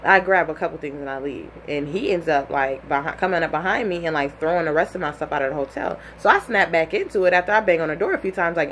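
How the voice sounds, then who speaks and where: A young woman telling a personal story in a casual, animated way, full of "like" and acted-out quotes. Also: low-pitched, fast, hardly any pauses, a little hiss or hum.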